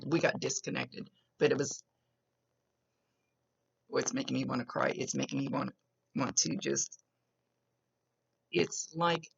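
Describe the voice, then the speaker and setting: Gravelly, chatty woman psychic medium. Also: sits low. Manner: chatty, rambling, stops and restarts. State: coughing, smoker's cough. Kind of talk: casual spoken reading to a client. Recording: dull lo-fi recording.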